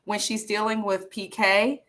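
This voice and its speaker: A woman's voice: mid-range voice, flat delivery, measured pace, fairly bright tone. A woman hosting a casual show recap, talking bluntly and gossiping with frequent swearing. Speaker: podcast host.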